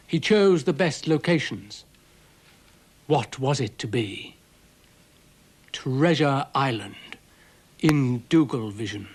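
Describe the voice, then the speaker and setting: British male storybook narrator, gentle and dry, unhurried. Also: mid-range voice, slightly rough.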